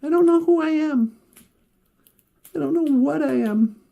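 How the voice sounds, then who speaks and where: A woman's voice: high voice, unhurried, gravelly, dark tone. A woman voicing a small, shy male teddy bear who talks in a plaintive, wondering way in a told story.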